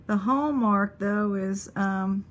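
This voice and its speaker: A woman's voice: medium pitch, slow pace, lo-fi sound. A woman chatting casually to viewers as she sorts through a box of old jewelry and talks to her pet. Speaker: jewelry reseller host. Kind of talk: casual unboxing chat.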